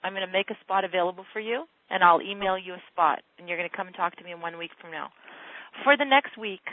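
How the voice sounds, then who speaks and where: A woman's voice: fairly low pitch, quick pace, dry recording. A woman coach on a phone call with a client, talking in a direct, insistent and emphatic way. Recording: dry narrow phone line.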